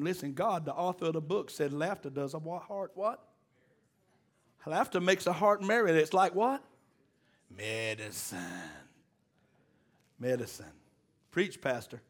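High-voiced preacher, folksy. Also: male voice, normal speed. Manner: call-and-response exhorting, folksy and joking. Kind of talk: sermon.

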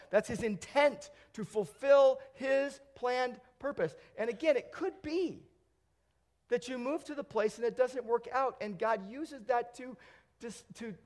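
A pastor delivers an earnest sermon in a notably high-pitched male voice. He moves between emphatic, raised declarations and hushed, low asides to his congregation.

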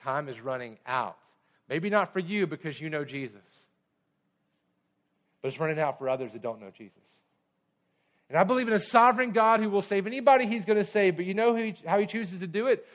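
A man with a notably high-pitched voice preaches a sermon to his congregation. He drives his points with urgent, emphatic repetition, then eases into relaxed, conversational storytelling. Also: brisk. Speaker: pastor.

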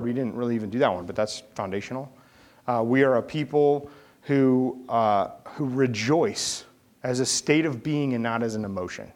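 A middle-aged man preaching a sermon from the United States, talking in a relaxed, conversational way and telling a personal story with lively delivery. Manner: conversational, animated storytelling with rising pitch in quoted dialogue. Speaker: pastor.

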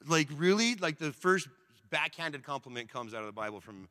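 A man preaching a sermon in a casual, animated storytelling way, with slang and asides. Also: on the high side, moderate pace, smooth. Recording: long reverb.

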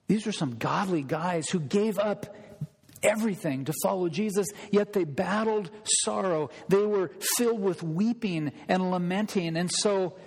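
A man preaching a sermon in a lively, conversational way, asking the audience questions and explaining scripture. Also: high voice, vocal fry, slightly rough, big-room sound. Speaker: pastor.

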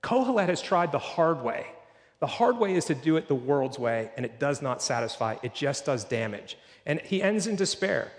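Male pastor, slightly high voice, earnest sermon delivery, church reverb. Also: very animated. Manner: earnest preaching, slows for quoted scripture.

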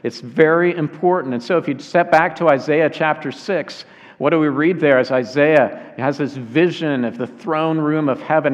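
A man preaching a sermon earnestly, slowing down to weigh key phrases. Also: fairly high pitch. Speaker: pastor. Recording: dull sound with long hall reverb.

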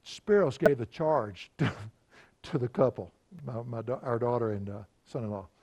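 A middle-aged male pastor preaches in an easy, conversational way. He moves from story to story and chuckles along the way. His voice sits at an ordinary middle pitch. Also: expressive, moderate pace, darkish tone. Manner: folksy, conversational, chuckling anecdotes. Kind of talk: storytelling sermon.

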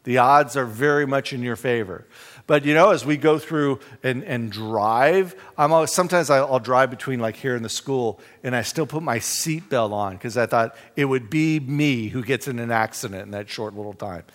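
A man's voice: mid-range voice, moderate pace. A man teaching a Bible study in a conversational way, reading scripture aloud with emphasis. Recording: long reverb in a hall.

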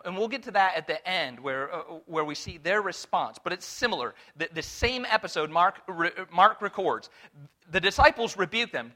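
A man preaching an expository Bible lesson to a room of listeners, animated and full of rhetorical questions. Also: high voice, moderate pace. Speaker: Bible teacher. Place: room with a live audience.

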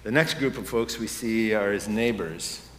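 A man's voice: lowish voice, normal speed. A man preaching a sermon as pastor, conversational at first and rising to impassioned emphasis. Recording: echoey hall with faint room ambience.

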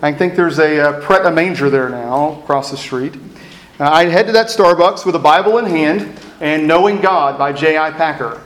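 Pastor preaching in an echoey room. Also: male voice, fairly high pitch, normal speed. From East Texas. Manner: reflective storytelling with self-deprecating humor. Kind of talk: sermon.

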